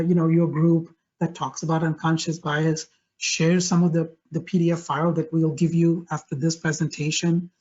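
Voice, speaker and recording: A man with a high voice presents a webinar over a video call, speaking with energy and stressing his points by repeating them. The call audio sounds a little dull and lo-fi. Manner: energetic, emphatic, repeats key phrases.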